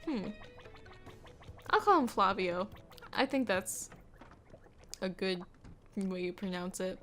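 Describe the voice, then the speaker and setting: A woman's voice: mid-range voice, animated, takes it slowly, pauses often, fairly bright tone. A young woman hosting a let's play, chatting casually with many fillers. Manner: chatty, casual, hesitant with fillers and little laughs. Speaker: gaming channel host.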